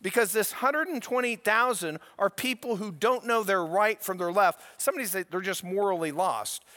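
A high, bright male voice preaching a sermon with emphatic force, dropping low for asides and lifting for pointed questions. The sound carries a long reverb, as if heard in a large hall. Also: normal speed. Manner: emphatic, swings between quiet asides and raised points. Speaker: pastor.

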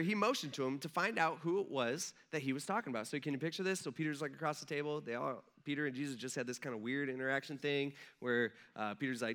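A man's voice: a little high, bright, forceful tone. A young man preaching a casual sermon, retelling a story and acting out the quoted voices. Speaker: pastor.

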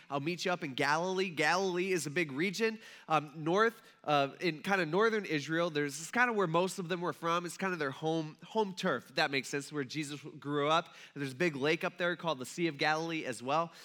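A man's voice: fairly high pitch, pushed and bright. A male pastor preaching a sermon in a casual, conversational storytelling manner.

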